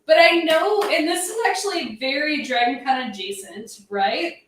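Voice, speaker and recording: A woman's voice: sits high, normal speed, fairly bright tone, slight background noise. A woman hosting a podcast in casual chat, teasing her co-host, a bit tipsy with hiccups. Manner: teasing, wraps up the show. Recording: echoey room, far from mic.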